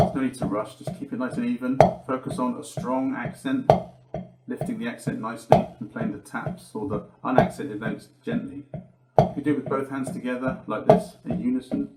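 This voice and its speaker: A male percussion teacher giving a calm lesson and counting beats aloud as he plays. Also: mid-range voice, fairly quick, roomy sound, poor audio. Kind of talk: instructional demonstration.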